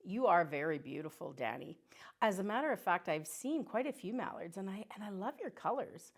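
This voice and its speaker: A woman's voice: medium pitch, animated, fairly quick. Cheerful woman teacher hosting kids. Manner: cheerful and teacherly, talking to children. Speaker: teacher and host. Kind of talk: children's educational show.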